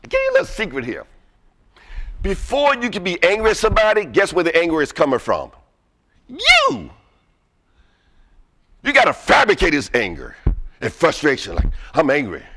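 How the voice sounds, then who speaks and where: A man's voice: on the high side, huge pitch swings, fairly quick, fairly bright tone. A man giving an interactive motivational lecture, energetically quizzing the audience with fill-in questions. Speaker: workshop presenter.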